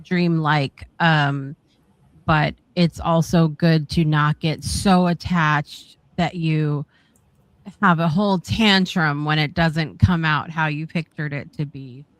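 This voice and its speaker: Low, slow woman host, halting and thoughtful, dry close sound. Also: fairly even intonation, dry recording. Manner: halting, many fillers and restarts. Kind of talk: reflective casual chat.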